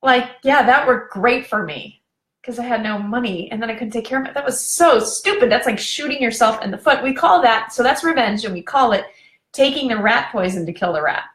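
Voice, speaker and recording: A woman relationship coach giving a chatty, animated live video training, laughing often and drifting into tangents. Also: a little high, a little fast. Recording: echoey room.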